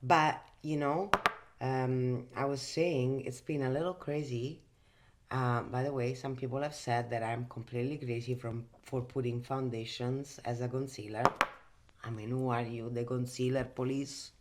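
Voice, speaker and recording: A woman's voice: rumbling low, steady tone, normal speed, a little mellow. A woman from Italy with an Italian accent, chatting casually in a makeup vlog from her bedroom, emphatic and full of fillers. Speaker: host.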